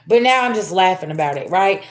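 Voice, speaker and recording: Her voice is on the low side, expressive and fairly quick. A middle-aged woman gives a laid-back spiritual reading over a tarot livestream, talking to her viewers as y'all in a chatty, laughing manner.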